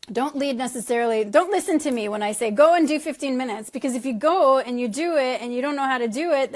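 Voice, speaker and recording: A middle-aged woman leading her sales team on a casual call, chatty and self-deprecating, laughing often. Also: on the high side. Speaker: network marketing team leader.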